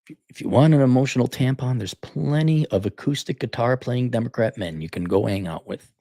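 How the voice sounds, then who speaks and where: A man hosting a casual opinion monologue, blunt and animated, often restarting his sentences. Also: mid-range voice, a little fast, vocal fry, no room sound, studio quality. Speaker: podcast host.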